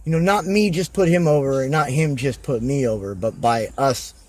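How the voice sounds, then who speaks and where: A man's voice: mid-range voice, normal speed. A man talking casually as a podcast guest, rambling with many fillers and acting out quoted conversations. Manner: rambling, animated, full of fillers and acted-out quotes. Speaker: guest wrestler.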